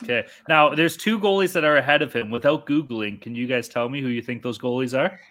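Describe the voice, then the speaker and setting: A man co-hosting a hockey betting podcast, talking casually and excitedly and swearing often. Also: mid-range voice, fairly quick. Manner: excitable, swears a lot, says dude. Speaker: podcast co-host.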